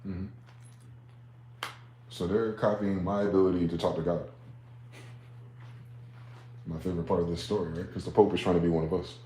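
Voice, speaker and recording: A man talking in a rambling, profane late-night monologue, swinging from loud outbursts to low muttering. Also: fairly even intonation, moderate pace, pauses often, echoey room, slight background noise. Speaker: vlogger.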